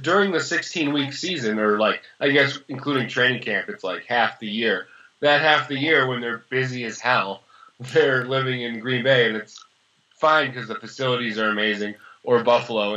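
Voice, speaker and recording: A young man in his early twenties co-hosting a podcast, chatting casually and sarcastically about sports, rambling and quick to laugh. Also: mid-range voice, sharp tone. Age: early 20s. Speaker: podcast co-host. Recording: slightly dull lo-fi sound.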